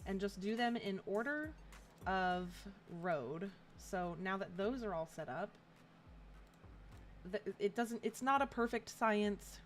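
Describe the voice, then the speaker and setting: A woman's voice: mid-range voice, lively intonation, takes it slowly, faint music behind. A woman from Atlanta with a Southern accent, chatting casually as a live-stream host, laughing often between phrases. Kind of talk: casual live-stream chat while gaming.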